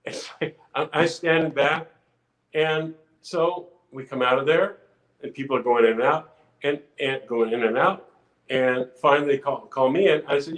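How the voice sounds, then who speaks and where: An older man, a podcast guest, telling a lively anecdote in casual chat, full of restarts and acted-out quotes. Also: fairly high pitch, moderate pace, echoey room, rough recording. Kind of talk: casual storytelling.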